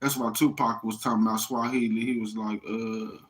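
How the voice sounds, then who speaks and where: A man's voice: lowish voice, flat delivery, fairly quick, fairly bright tone. Profane man rambling in street slang. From United States. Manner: profane, slangy street talk, addressing listeners directly. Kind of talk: rambling casual monologue.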